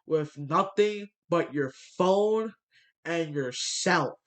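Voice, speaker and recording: Stuffy-nosed young man ranting slowly. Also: on the high side, lively intonation, a bit bright. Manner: blunt, profane ranting with many fillers. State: stuffy nose from a cold. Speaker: vlogger. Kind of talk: ranting monologue.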